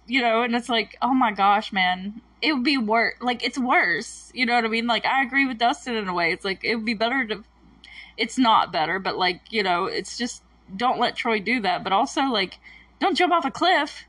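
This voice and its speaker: A woman's voice: fairly high pitch, expressive, moderate pace, fairly bright tone, no echo, distant mic, rough recording. A woman casually recapping a TV episode, laughing often and acting out the characters' lines. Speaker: recap host.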